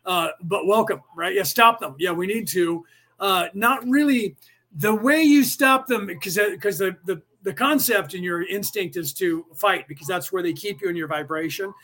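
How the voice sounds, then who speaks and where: A man with a rather high voice hosts a live podcast and talks straight at his listeners. He rambles in a conspiratorial way, starting over often and filling the gaps with "uh" as he works through his points. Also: normal speed, bright, forceful tone. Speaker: podcast host. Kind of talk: casual live-stream monologue.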